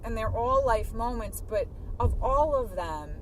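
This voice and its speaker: A woman host chatting in a car, responding warmly and prompting her guest with questions. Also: on the high side, animated, a little slow, poor audio. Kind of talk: casual chat. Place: inside a moving car. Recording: car cabin road noise.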